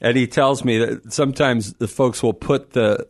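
A man speaking as a guest on a call-in radio show, earnest and lively, who laughs often and repeats words as he works out his point. His voice sits at a middle pitch and is recorded close and dry, with no room sound around it. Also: moderate pace, no room sound.

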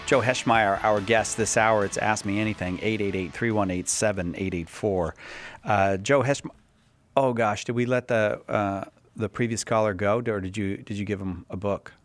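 A man's voice: lowish voice, normal speed, faint music behind. A man hosting a live call-in radio show, joking around and rambling with lots of fillers. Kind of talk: casual live radio talk.

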